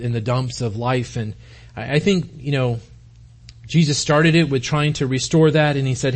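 A man's voice: mid-range voice, fairly even intonation, normal speed. A man preaching a sermon in an earnest way, often repeating words as he starts a phrase. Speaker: pastor.

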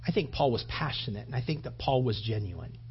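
A man preaching a sermon with passion, his voice rising toward shouts and then dropping low. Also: expressive, a little fast, lo-fi sound, slight background noise. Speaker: pastor.

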